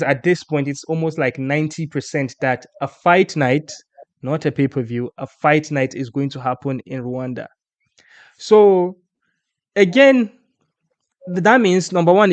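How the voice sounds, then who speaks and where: A man hosting a casual sports chat, animated and rambling, often restarting his sentences. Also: on the high side, no echo. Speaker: podcast host.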